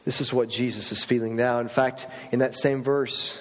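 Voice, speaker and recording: A middle-aged male pastor preaching a sermon, swinging from loud mock outbursts to soft, low reflection. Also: steady tone, moderate pace. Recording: long reverb of a large hall.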